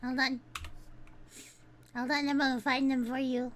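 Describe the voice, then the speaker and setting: A young woman streamer chatting casually, excitable and swearing, ranting and laughing a lot. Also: high-pitched, a little slow, a little hiss or hum.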